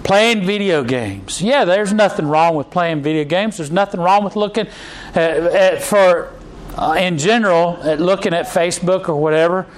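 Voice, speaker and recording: Preacher guy, pretty high voice, chatty sermon, lots of uhs and restarts. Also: normal speed, poor audio. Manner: conversational preaching with frequent restarts and fillers. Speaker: pastor.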